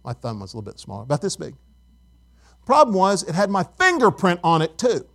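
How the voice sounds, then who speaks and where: With a high, gravelly, somewhat bright voice that swings hugely in pitch, a middle-aged man preaches briskly. His sermon is conversational, full of stories and questions for the congregation.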